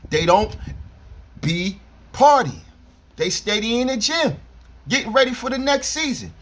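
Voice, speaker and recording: A man's voice: extremely high pitch, a little slow. A man, ranting casually about basketball with slang and rambling asides, talking straight to his fans. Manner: animated, rambling, street slang. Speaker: sports commentator. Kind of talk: casual sports rant.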